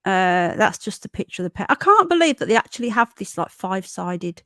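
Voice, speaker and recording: Speaking briskly in a fairly bright, mid-range voice with big pitch swings and no echo, a middle-aged woman from Britain runs a casual livestream. She reads the news aloud in a chatty, wandering way, breaking off mid-sentence to say hello to viewers.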